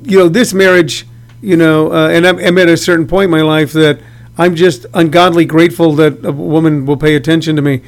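A man in his sixties with a notably high voice for a man, talking casually in an interview. He tells rambling stage anecdotes like a seasoned stand-up comedian. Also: steady tone, a little fast. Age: 60s. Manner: rambling anecdotes told in a storyteller's way.

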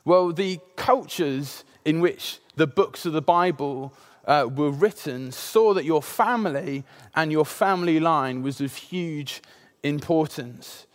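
A man's voice: on the high side, slow. A man in his thirties preaching a sermon, opening with a personal story in a conversational way and many filler sounds.

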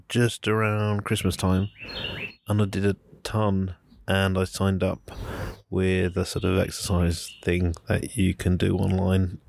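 A man talks loosely into a handheld recorder outdoors, wandering between thoughts with plenty of ums and asides. His voice sits very low with a gravelly fry. Faint outdoor noise hums behind him. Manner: rambling, relaxed, many fillers. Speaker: podcaster. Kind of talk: casual audio diary. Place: outdoors at home, near a street. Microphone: handheld recorder on the move.

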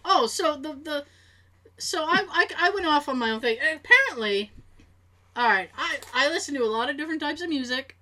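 In a loose podcast chat, a woman spins an everyday anecdote in a bright, forward voice that sits a little high. She keeps it animated, laughing easily and slipping into quick impressions of the people in her story. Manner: animated, laughs often, acts out quotes.

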